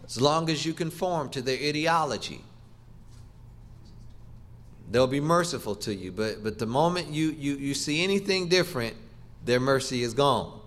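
A man's voice: mid-range voice, lively intonation, moderate pace, a bit bright. A middle-aged man preaching a sermon, emphatic and rhythmic, leaning on repeated phrases and rising for stress.

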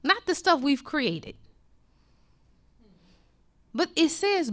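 Impassioned woman preacher, lively pitch. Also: a little slow, long pauses. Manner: impassioned, swings from loud to hushed. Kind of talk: sermon.

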